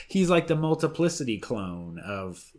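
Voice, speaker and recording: A man co-hosting a podcast, chatting casually and trading quick jokes. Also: medium pitch. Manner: animated, joking, quick banter. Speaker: podcast co-host. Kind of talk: casual recap chat.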